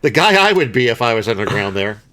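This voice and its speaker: A man's voice: medium pitch, very animated, fast talker, sharp tone. A man co-hosting a podcast, recapping a film in casual chat and rambling through many fillers and restarts. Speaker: podcast co-host.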